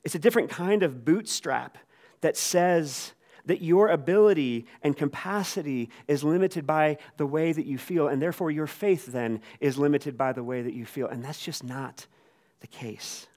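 A man's voice: on the high side, normal speed. Conversational man preaching a sermon. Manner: conversational, animated, acts out quotes. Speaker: pastor.

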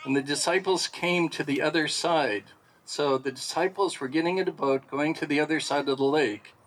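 A man's voice: on the high side, moderate pace, fairly bright tone, rough recording. A man teaching a Bible lesson, reading verses aloud and asking rhetorical questions as he explains them. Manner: reads scripture aloud then explains it, asks rhetorical questions.

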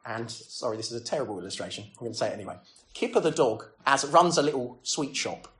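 A man's voice: medium pitch, lively intonation, fast talker, a bit bright. A man preaching a sermon in a conversational way, full of rhetorical questions and self-deprecating asides.

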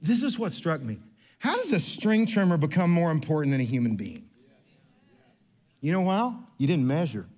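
A pastor with a notably high voice delivers his sermon in a loose storytelling mode. He is chatty and self-deprecating, restarts his sentences often, and acts out the people in his stories. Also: very animated, normal speed, long pauses, darkish tone. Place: church sanctuary.

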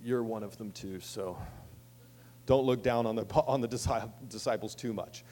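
A man's voice: on the low side, moderate pace, mellow. A man preaching a sermon as pastor, conversational, with casual asides and emphatic swells on key lines.

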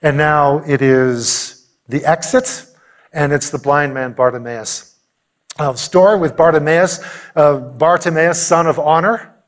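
Animated male preacher with a slightly high voice. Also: measured pace. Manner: animated storytelling, acting out quotes. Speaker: pastor. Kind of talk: sermon.

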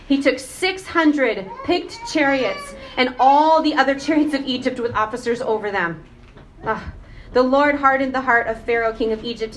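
A woman giving a casual, animated sermon, often asking the congregation questions. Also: on the high side, slight background noise. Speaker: preacher.

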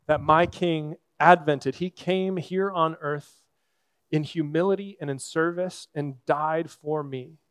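A man preaching a sermon as a pastor, earnest and conversational, with thoughtful pauses. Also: a little high, no room sound.

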